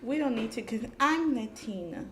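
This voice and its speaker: A woman's voice: fairly high pitch, expressive, moderate pace, noisy background. A woman co-hosting an eating show in casual chat, teasing her friend and laughing often. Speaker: mukbang co-host.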